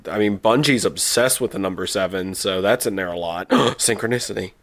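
A man's voice: deep voice, fairly quick, a bit bright. Rambling podcast storyteller man. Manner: rambling storyteller, many restarts and quoted asides. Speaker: podcast co-host. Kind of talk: casual chat.

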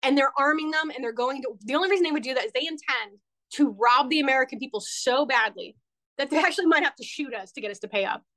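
A woman's voice: sits high, fast, pushed and bright. A woman guest on a talk show, a political candidate speaking bluntly and heatedly, swearing freely. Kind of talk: casual interview.

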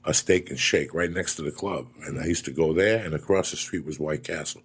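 Gravelly, profane middle-aged man. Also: rumbling low, fairly quick. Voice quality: gravelly and husky. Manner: profane, animated storyteller. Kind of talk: casual chat.

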